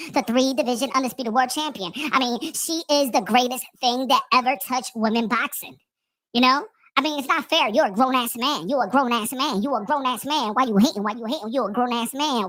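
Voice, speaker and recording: A man's voice: very high voice, sharp tone, pitched below the performer's own voice, rough recording. A man voicing a woman caller who disguises her voice and scolds the host in mock outrage, repeating herself. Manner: indignant, repetitive scolding.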